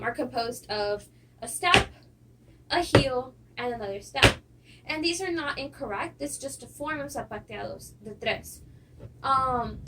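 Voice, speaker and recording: A young woman teaching a folk dance lesson, counting steps aloud, with small laughs and fillers. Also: high-pitched. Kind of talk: instructional lesson. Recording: distant mic with clear noise.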